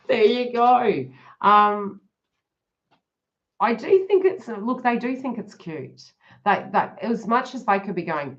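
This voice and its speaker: A woman's voice: mid-range voice, lively intonation, slow, long pauses, fairly bright tone. A woman reading cards on a live stream, chatting to viewers by name and laughing often. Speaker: tarot reader hosting a live stream. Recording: dull lo-fi live stream audio.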